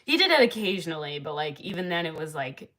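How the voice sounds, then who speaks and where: A woman's voice: low voice, very animated, fast, sharp tone. A young woman livestreaming, chatting casually with many fillers and frequent laughs. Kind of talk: casual live-stream chat.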